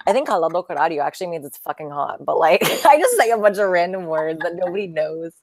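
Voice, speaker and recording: A woman's voice: lowish voice, expressive, fairly quick, a little mellow, no room sound. A young woman hosting a casual livestream chat, talking animatedly, laughing a lot and filling her speech with "like". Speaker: host.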